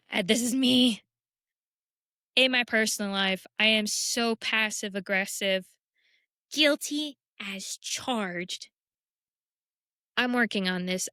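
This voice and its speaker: A young woman talks through self-help topics in a candid, conversational way, often poking fun at herself. Her voice is smooth and resonant. It is recorded close and dry, with almost no room sound. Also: medium pitch, pushed and bright, dry recording. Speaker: podcast host. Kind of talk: casual self-help talk.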